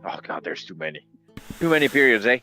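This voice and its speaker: A man's voice: medium pitch, sing-song, fast, bright, forceful tone. A young man with a French-Canadian accent, a guest on a live stream, chatting casually with many ums and restarts. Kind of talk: casual chat. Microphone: home computer mic on a live stream call. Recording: dull lo-fi mic with music behind.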